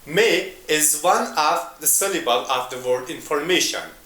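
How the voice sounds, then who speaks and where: A man teaching an English lesson in a slow, deliberate way, repeating example words. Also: fairly high pitch, expressive, bright, forceful tone, reverberant.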